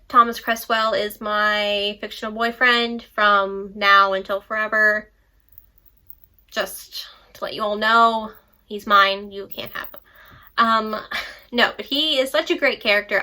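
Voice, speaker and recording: A woman's voice: mid-range voice, sharp tone. A young woman chatting casually about books she read, rambling with playful asides. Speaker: book vlogger. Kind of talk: casual book review chat.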